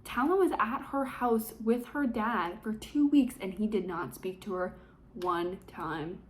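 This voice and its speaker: A young woman talks through a book's plot in a loose, chatty recap. Her delivery is sarcastic and peppered with fillers, and her voice sits at a middling pitch. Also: measured pace. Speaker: book reviewer. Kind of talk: casual book recap vlog.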